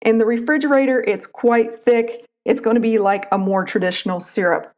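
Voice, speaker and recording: A woman with an Appalachian accent, calmly explaining a recipe step by step as a cooking channel host. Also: fairly high pitch, normal speed. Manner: calm, instructive, homespun. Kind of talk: recipe tutorial voice-over.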